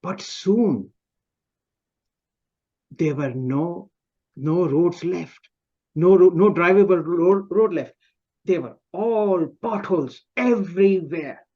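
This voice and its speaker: A man giving a humorous, self-mocking personal story speech at a club meeting over a video call, pausing and restarting often. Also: high-pitched, muffled recording. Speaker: club speaker.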